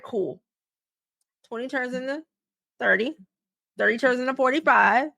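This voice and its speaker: A young woman on a podcast, telling a story in a loose, profane, animated way and acting out both sides of each exchange. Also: sits high, moderate pace, gravelly, long pauses, no echo, studio quality. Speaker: podcast co-host. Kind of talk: casual storytelling chat.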